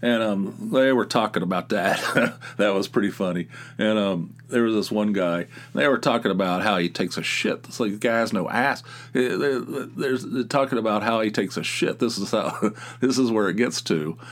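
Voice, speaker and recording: A man's voice: fairly low pitch, normal speed. A middle-aged man hosting a podcast, telling a story in a rambling, exasperated way, with many restarts, laughing at his own tale. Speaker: podcast host. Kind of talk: casual monologue storytelling.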